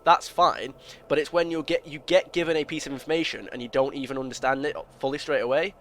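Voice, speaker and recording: He talks fast, with a fairly high, bright voice and fairly flat intonation, over slight background noise. This man, a gaming video creator, gives meandering, opinionated gameplay commentary, restarting often, using lots of filler words and explaining at length.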